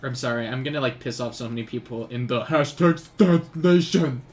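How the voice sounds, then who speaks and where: A man's voice: medium pitch, moderate pace, darkish tone, slight background noise. A young man hosting a live stream while he draws. He chats casually and rambles, with many ums and restarts. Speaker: streamer and artist.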